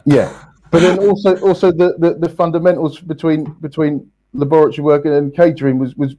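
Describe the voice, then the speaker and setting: A man, a podcast guest, telling his story in a casual, halting way with many restarts and fillers. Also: on the high side, steady tone, warm tone, poor audio. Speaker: guest, company co-founder.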